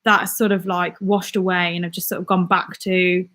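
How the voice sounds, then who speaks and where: A woman's voice: on the low side, flat delivery, moderate pace, a bit bright. A young woman with a mixed West Midlands and southern English accent, chatting casually as she answers viewer comments on a live stream and laughs often. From West Midlands, England. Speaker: YouTuber and comedian.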